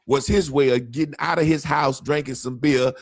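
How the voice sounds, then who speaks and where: A man on a casual talk show telling a funny story about an old friend, animated and laughing, swearing freely. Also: mid-range voice, moderate pace, no room sound, studio quality. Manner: animated, laughing, profane, quotes friends in lively voices. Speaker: podcast co-host.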